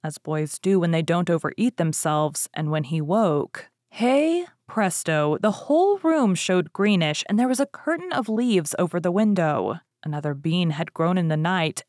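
A woman narrates a classic fairy tale in an expressive storybook voice. She leans on exciting words with bright upward lifts. Her voice sits low and sounds dry and close to the mic. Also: moderate pace, hardly any pauses, no echo. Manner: expressive reading with lively rises. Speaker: story reader.

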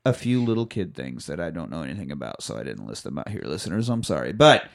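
A man co-hosting a casual film podcast, retelling scenes in an animated, jokey way and swearing often. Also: rumbling low, fast talker, vocal fry. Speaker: podcast co-host. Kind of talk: casual film recap chat.

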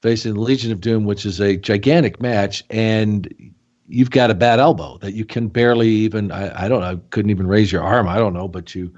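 Halting low-voiced male host. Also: fairly even intonation, a little mellow, lo-fi sound. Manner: halting, restarts questions, many fillers. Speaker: podcast host. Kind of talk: interview questions.

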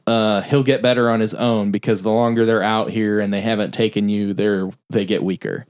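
A man's voice: lowish voice, fairly even intonation, a little mellow. A man casually recapping a film's plot on a podcast, swearing freely and acting out the characters' lines. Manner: loose, profane plot recap with quick voiced-out quotes. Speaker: podcast host recapping a film. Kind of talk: casual film review chat.

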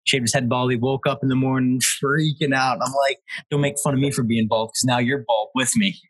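A man in his twenties, a guest telling funny stories in a casual chat, lively and laughing as he quotes people. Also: mid-range voice, fairly quick, breathy edge, dry recording, rough recording. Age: 20s. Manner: laughing, animated retelling with quoted voices. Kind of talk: casual storytelling.

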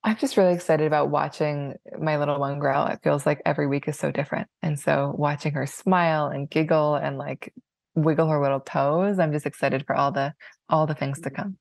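Low-voiced reflective woman guest. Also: fairly even intonation, fairly quick, creaky, a little mellow, no echo, clean studio sound. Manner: upbeat and reflective, fillers like "like". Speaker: guest, new mother. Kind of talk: casual chat.

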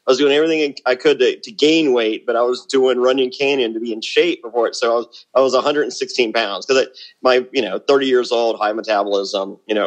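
A middle-aged man chatting as a podcast guest, blunt and boastful, often repeating words as he starts a thought. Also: mid-range voice. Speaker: podcast guest, former reality show contestant. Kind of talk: casual interview chat.

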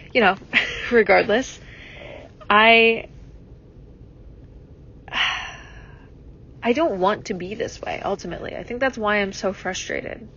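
A woman's voice: mid-range voice, a bit bright, highs cut off, slight background noise. A young adult woman hosting a solo podcast, musing reflectively and rambling with many fillers and restarts. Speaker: podcast host.

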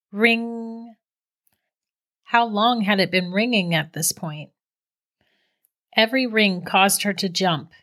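A woman with a somewhat low voice narrates a horror story. Her reading is measured and suspenseful, steady and deliberate.

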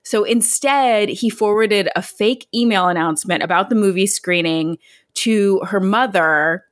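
A woman's voice: mid-range voice, a little slow. A young woman co-hosting a casual podcast, telling a story with plenty of energy and small laughs. She slips into quoted voices as she goes. The sound is close and dry, with no room echo. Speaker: podcast co-host. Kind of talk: casual chat, retelling a news story.

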